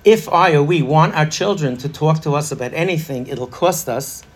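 A man's voice: on the high side, moderate pace, husky. A middle-aged man leading an interactive parenting workshop, chatty and laughing, quizzing a live audience.

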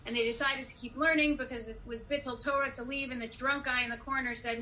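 A woman's voice: sits high, fairly even intonation, quick pace, few pauses, bright, forceful tone, a little hiss or hum, rough recording. A woman taking part in a class discussion, chatting as she retells a story she read. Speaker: class participant.

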